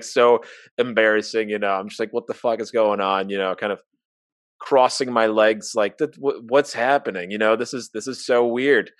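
A man's voice: fairly low pitch, fairly bright tone, no echo. A young man telling an embarrassing personal story in casual chat, candid and self-mocking, acting out the dialogue.

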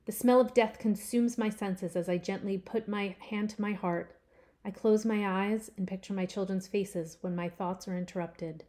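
Woman, author, reading her own story aloud, first-person, expressive, mid-pitched, emphatic swells. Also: moderate pace.

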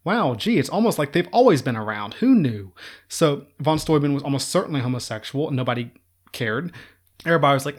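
A man's voice: a little high, animated, fairly quick. A man giving an informal history lecture in a chatty, sarcastic way, laughing at his own jokes.

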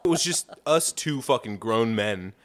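A man's voice: mid-range voice, moderate pace. A man co-hosting a comedy podcast in casual, profane chat, playing around with his voice. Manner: profane, animated, plays with his voice. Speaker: podcast co-host.

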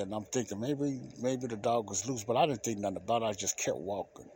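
This podcast host has a lowish voice and talks fast as he shares a personal story. His delivery is casual, animated, and colloquial, with plenty of repetition.

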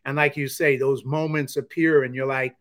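A man's voice: medium pitch, little pitch movement, moderate pace. A man hosting a podcast interview, reflecting in an encouraging, casual way on what his guest said. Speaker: podcast host.

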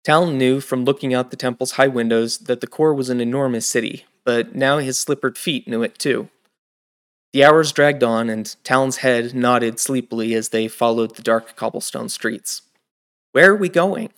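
A man reading a fantasy audiobook in steady scripted narration. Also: mid-range voice, normal speed, clean tone. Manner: steady storytelling.

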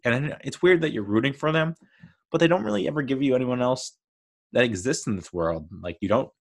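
A man's voice: mid-range voice, expressive, a little fast, vocal fry. A man giving a casual, rambling movie review, chatty with frequent laughs and fillers. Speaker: film reviewer.

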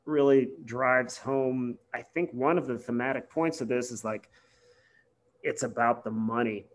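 A man co-hosting a podcast, a lawyer talking casually through a film, animated and sweary with long winding explanations. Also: mid-range voice, a little slow. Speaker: podcast co-host.

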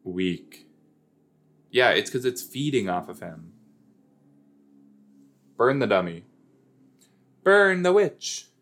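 Slow and expressive, with long pauses, this man's low voice has a fairly bright tone. He hosts a laid-back watch-along podcast, giggling and joking as he talks to listeners, whom he calls "you guys."

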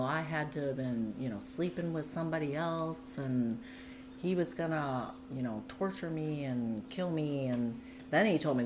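This low-voiced woman, heard over background noise, is a guest sharing her personal story with real earnestness. The conversation is candid, and her words spill out in a rush, peppered with "like" and "you know."

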